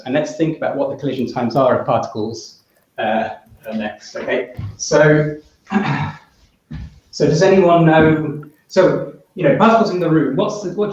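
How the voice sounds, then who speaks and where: A man's voice: fairly high pitch, a little mellow. A man with a British accent giving a physics workshop lecture, thinking aloud with many restarts and quizzing the audience. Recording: echoey, dull hall recording from far off.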